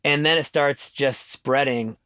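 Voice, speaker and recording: A middle-aged man, a musician guest in an interview, telling stories in an animated way and laughing now and then. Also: mid-range voice, unhurried, clear, resonant tone, no echo, studio quality. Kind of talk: casual interview storytelling.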